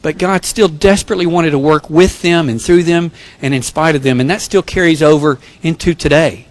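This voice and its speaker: A man's voice: on the high side, fairly quick, no room sound. A male pastor giving a sermon, telling jokes and self-deprecating personal stories. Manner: joking, self-deprecating storyteller.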